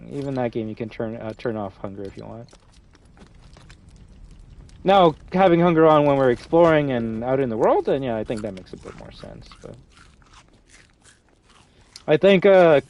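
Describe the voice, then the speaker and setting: During a casual live-stream chat, a male streamer running a game lobby talks with a friend and his audience. His mid-range voice has a darkish tone, and his speech rambles, full of restarts and fillers, with plenty of casual swearing.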